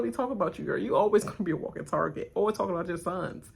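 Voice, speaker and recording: A woman's voice: on the low side, very fast, gravelly, hardly any pauses, breathy edge. A woman hosting a reality TV reaction stream, animatedly retelling the episode and acting out the cast members' lines with laughter. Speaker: reaction channel host. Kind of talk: live-watch reality TV rant.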